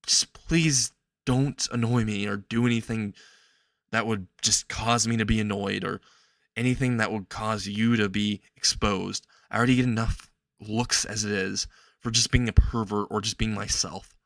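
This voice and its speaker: A man's voice: lowish voice, fairly even intonation, normal speed, a bit bright, dry recording, studio quality. A man voicing a lonely, tearful teenage boy who stammers and pleads, in a homemade fan-fiction story. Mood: weary, pleading. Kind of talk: improvised fan-fiction narration.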